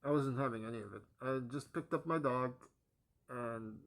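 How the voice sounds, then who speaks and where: A young man telling a personal testimony, halting with many pauses and fillers, his voice sinking quiet at the ends of phrases. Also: medium pitch, vocal fry. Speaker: vlogger giving a personal testimony.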